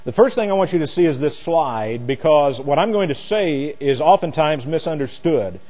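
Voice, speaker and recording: A man's voice: a little high, animated, normal speed, darkish tone, big-room sound. A man teaching a Bible lesson like a sermon, spelling out words letter by letter, with mocking asides. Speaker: preacher.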